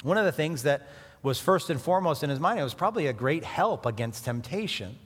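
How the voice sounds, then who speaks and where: A middle-aged man preaching a sermon in a conversational, animated way, with sudden emphatic rises. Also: on the high side, brisk, husky. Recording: hall reverb.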